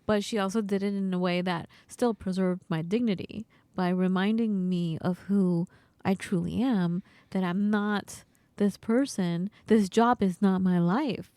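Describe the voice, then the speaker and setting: Speaking a little slowly in a mid-range voice, a woman co-hosts a podcast with no room sound behind her. In casual conversation she animatedly performs the quoted voices in her anecdotes.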